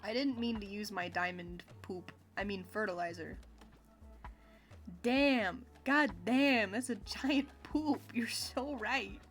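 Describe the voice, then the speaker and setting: A woman livestreaming a video game, chatting casually with her viewers in a giggly, expressive, playfully complaining way. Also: medium pitch, takes it slowly. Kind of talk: casual gameplay chat with viewers. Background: faint game music.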